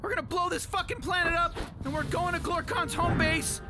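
A squeaky cursing alien monster. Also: male voice, fairly even intonation, brisk. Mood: fired up. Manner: swears constantly, rambling, stammering outbursts. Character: small foul-mouthed male alien monster, hot-tempered. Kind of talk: cartoonish game dialogue. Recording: game audio under loud music. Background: loud game music.

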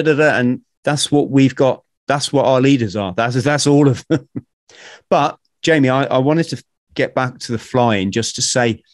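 A man hosting a podcast, talking in an animated, ranting way and swearing casually. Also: mid-range voice, dry recording, studio quality. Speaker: podcast host.

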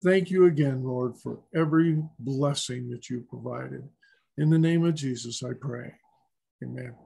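A man's voice: mid-range voice, unhurried, vocal fry, mellow, breathy edge. A man saying a closing prayer in an earnest, solemn way. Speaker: prayer leader. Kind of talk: spoken prayer.

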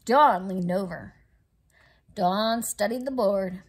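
A woman reading a children's storybook aloud for a library, slowly and expressively. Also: mid-range voice, slightly rough.

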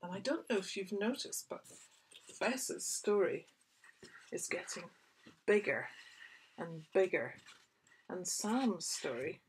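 A woman, a children's author, reading her picture book aloud for young children with expressive, whispery asides. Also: on the low side, slow, long pauses, slight background noise.

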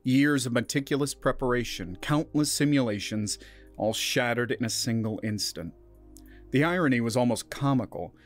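A man's voice: mid-range voice, moderate pace, faint music behind. Man reading a sci-fi story. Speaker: narrator. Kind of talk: scripted story narration.

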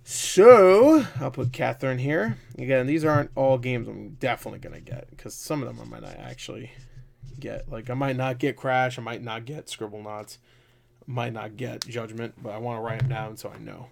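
A man, a gaming vlogger, in casual commentary, excitable, swearing and laughing as he talks. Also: medium pitch, moderate pace, vocal fry, slight background noise.

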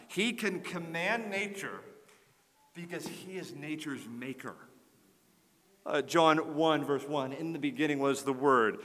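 A man preaching a sermon as pastor, earnest and building to forceful emphasis. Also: fairly high pitch, in a large hall. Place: church sanctuary.

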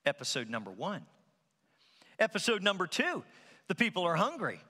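A man's voice: sits high, moderate pace, pauses often, husky, big-room sound. A man preaching a sermon as a pastor, telling stories animatedly and acting out the quotes. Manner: animated storytelling with acted-out quotes. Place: large church hall.

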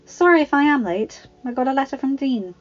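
A woman voicing a spirited, sharp-tongued teenage girl who sounds snappy and self-assured. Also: high-pitched, expressive, brisk, soft background music, voice pushed up. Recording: slightly dull home recording.

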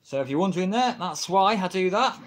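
Chatty English guy, higher voice. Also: lively intonation, a little fast. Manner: rambling, chatty, laughs often. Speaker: wrestling livestreamer. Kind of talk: casual livestream chat. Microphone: built-in camera mic, no microphone.

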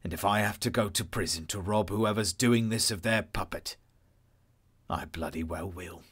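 A man voicing a low, defiant commander. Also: moderate pace, a bit bright, husky. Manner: firm, defiant. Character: proud, angry male mission commander.

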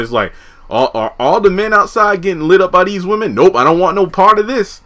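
Animated, bright-voiced young man reviewer. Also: sits high, a little fast. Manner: animated, laughs often, acts out characters' lines. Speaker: TV episode reviewer. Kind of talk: casual recap and commentary.

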